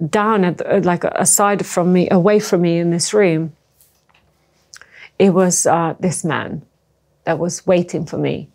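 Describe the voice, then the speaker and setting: A woman from former Yugoslavia telling her story in an interview, speaking in halting, emotional bursts and often restarting and repeating words. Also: lowish voice, a little mellow. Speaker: interviewee, trafficking survivor. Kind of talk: personal testimony in an interview.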